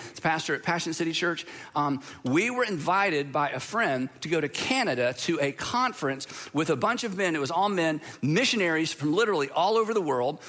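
A middle-aged pastor from Georgia, preaching in a conversational, storytelling way. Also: male voice, high voice, sharp tone. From Georgia, USA. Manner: conversational storytelling, with repeats and restarts. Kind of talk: sermon.

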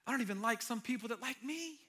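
A male pastor preaching a sermon in an earnest way, swinging between loud emphatic lines and hushed, nearly whispered ones. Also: very high-pitched, animated, quick pace, breathy edge.

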